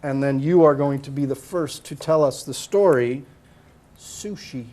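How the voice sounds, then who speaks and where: A man hosting a game show, briskly announcing the rules and the turns. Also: mid-range voice, dark tone.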